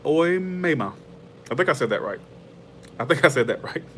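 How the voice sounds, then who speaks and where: A man hosting his tarot channel's livestream, chatting casually and warmly with viewers in a rambling, heartfelt way and laughing often. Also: mid-range voice, lively intonation, fast, a little hiss or hum.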